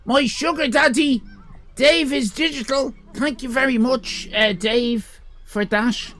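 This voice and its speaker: An Irish man in his fifties hosting a comic livestream, rambling crudely with sudden shouted bursts. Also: extremely high pitch, takes it slowly. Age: 50s. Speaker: comedy livestream host. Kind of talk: improvised comic monologue.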